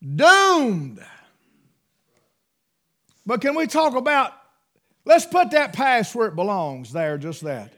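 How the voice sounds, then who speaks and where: A man preaching a sermon in a folksy, emphatic way, swinging between loud bursts and hushed asides. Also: sits high, expressive, moderate pace.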